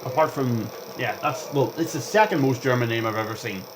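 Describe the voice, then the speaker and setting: A young man rambling through gameplay commentary as a vlogger, chatty and excitable, jumping between topics and reacting aloud to the game. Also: mid-range voice, fairly quick, noisy background. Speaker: gaming vlogger.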